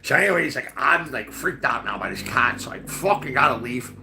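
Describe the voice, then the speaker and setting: A man's voice: medium pitch, animated, brisk, bright, forceful tone, a little hiss or hum. A man casually telling a rambling, profane story full of fillers. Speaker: podcast host.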